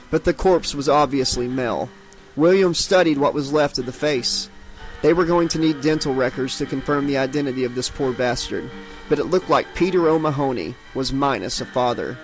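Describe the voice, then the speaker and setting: A man's voice: medium pitch, low-quality recording. Man narrating a horror audiobook dramatically. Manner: dramatic, voices each character.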